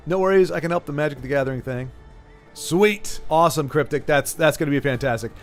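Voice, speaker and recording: A man's voice: a little high, a little fast, soft background music. A man hosting a game stream in casual, rambling chat with many restarts and repeats. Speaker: streamer host.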